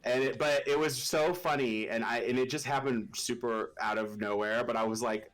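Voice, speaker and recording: A man speaking as a streamer guest on an online comedy panel, easygoing and quick to laugh. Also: medium pitch, fairly even intonation, fairly bright tone. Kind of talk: casual panel chat.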